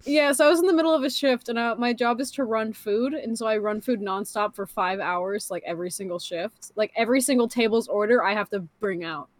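A woman's voice: a little high, fairly quick, hardly any pauses. A young woman co-hosting a podcast, telling a story in a rambling way with lots of "like" and restarts. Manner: rambling storytelling, frequent "like" and restarts, acts out quotes. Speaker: podcast co-host. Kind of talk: casual chat.

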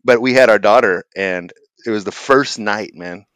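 A man's voice: on the low side, normal speed, a bit bright, clear, resonant tone, dry recording. A man in casual podcast chat who swears freely and keeps saying dude and man.

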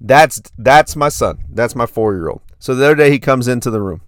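A man's voice: medium pitch, lively intonation, brisk, no echo, clean studio sound. Pumped-up male podcast host. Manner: hyped, repetitive storytelling. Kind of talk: casual podcast monologue.

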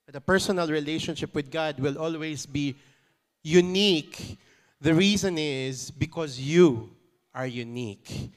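Filipino-accented male pastor, conversational sermon, clean smooth voice. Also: on the high side. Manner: conversational, mixing in playful asides and chuckles.

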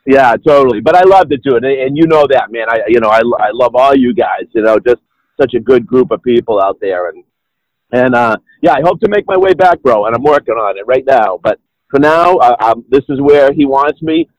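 A man's voice: mid-range voice, a little fast, dry recording, lo-fi sound. A middle-aged man with a Boston accent, a guest telling his story in a casual chat, rambling, with plenty of restarts and "you know"s. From Boston area, New England. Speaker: podcast guest.

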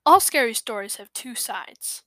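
An ancient fox storyteller of bones with a dry, dusty voice, as a woman reading a storybook puts it on. It speaks slowly and menacingly, pitched a touch high. The recording is close and dry. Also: expressive, a bit bright, no echo. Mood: ominous.

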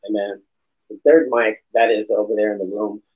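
A man's voice: on the low side, fairly even intonation, normal speed, a little mellow. A male host chats loosely through a morning podcast, drifting between topics with slang and swearing. He is recorded in a room at home, and the sound is dull and lo-fi. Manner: rambling and laid-back, peppered with slang and swearing. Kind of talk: casual morning show chat.

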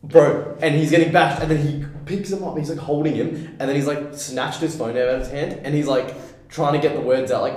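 A man's voice: medium pitch, fairly quick. A young man, co-hosting a podcast, chatting casually with friends and acting out the voices in his stories. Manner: animated storyteller, acts out quoted voices. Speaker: podcast co-host. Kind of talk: casual chat among friends. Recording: very echoey room.

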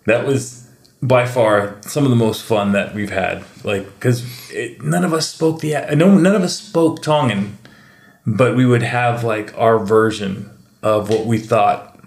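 A man chatting casually and telling animated stories, sometimes slipping into mimicked accents. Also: fairly low pitch, measured pace, gravelly. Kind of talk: casual chat. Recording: echoey room.

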